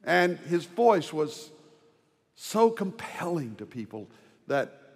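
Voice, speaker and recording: A man preaching a sermon as pastor, dropping to hushed tender lows and rising to loud ringing proclamation. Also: sing-song, slow, slightly rough. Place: large church sanctuary. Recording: long hall reverb.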